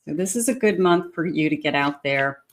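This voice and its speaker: A woman with a low voice talks the viewer through a tarot spread. She sounds encouraging and personal, and she stops often to search for words. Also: animated, normal speed. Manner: warm, encouraging, talks directly to the viewer with many fillers. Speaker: tarot reader. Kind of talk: tarot reading to camera.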